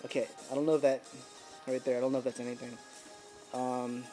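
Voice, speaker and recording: A man's voice: medium pitch, brisk, long pauses, faint music behind. Man thinking aloud over stock charts. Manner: thinking aloud, murmuring ticker names, bursts of excitement. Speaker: stock trader reviewing charts. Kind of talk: casual screen-recorded market commentary.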